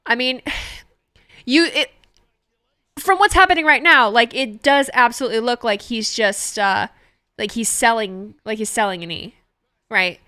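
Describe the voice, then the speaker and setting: A woman's voice: a little high, unhurried, pauses often, pushed and bright, smooth, no echo, studio quality. A woman streamer hosting a live watch party, anxious and chatty, swearing freely as she reacts.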